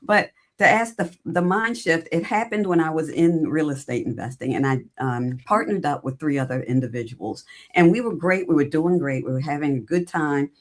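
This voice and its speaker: A middle-aged woman, a recruiting entrepreneur on an interview podcast, speaks in a low-pitched voice at normal speed with few pauses. She tells her career story in a relaxed, animated way, acting out conversations she once had.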